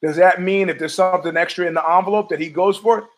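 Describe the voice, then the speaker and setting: A man's voice: high voice, steady tone, fast, rough recording. A middle-aged man hosting a podcast, rambling through a profane, opinionated monologue full of restarts. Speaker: podcast host.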